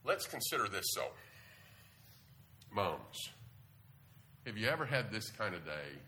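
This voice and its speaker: A man preaching a sermon to a congregation in a lively, animated way, often jumping up in pitch to press a point. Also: unhurried, slight background noise. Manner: lively, animated delivery with sudden jumps in pitch.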